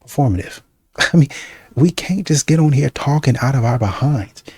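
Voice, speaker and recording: A man's voice: mid-range voice, expressive, normal speed, a little mellow, slightly rough, no echo. A man hosting a reaction channel, talking bluntly and repetitively in casual slang. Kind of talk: casual commentary.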